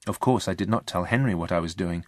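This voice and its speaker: A man's voice: deep voice, fast, a little mellow, dry recording, studio quality. Man reading a story plainly. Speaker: reader. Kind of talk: scripted story narration.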